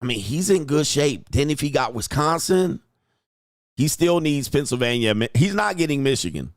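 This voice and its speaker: Excitable man thinking aloud on a stream. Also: on the high side, normal speed, no room sound, studio quality. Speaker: livestream host. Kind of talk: casual live commentary.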